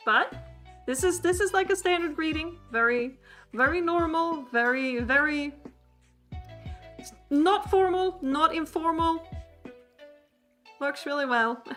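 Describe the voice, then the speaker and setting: Lady streamer, high bright voice, giggles a lot while teaching, faint music behind. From Sweden. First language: Swedish. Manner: giggly, laughs often, playful and chatty with chat. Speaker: streamer teaching a language class. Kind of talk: livestreamed language lesson.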